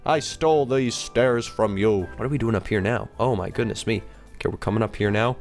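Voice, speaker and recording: An excitable, jokey man giving let's-play commentary on a game as its host, gasping and squealing as he plays, over faint background music. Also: lowish voice, brisk. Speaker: gaming video host.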